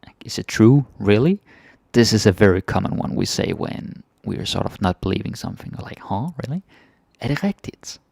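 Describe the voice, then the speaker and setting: A man with a Danish accent teaching phrases in a casual lesson, repeating each phrase slowly before explaining it. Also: on the low side, gravelly, darkish tone, dry recording. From Denmark. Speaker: language teacher.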